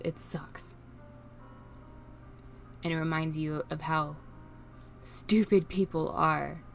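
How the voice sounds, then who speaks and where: A woman vlogging unscripted while grieving, near tears, pleading and halting with restarts. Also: sits low, vocal fry. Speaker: streamer and vlogger. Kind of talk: unscripted emotional vlog.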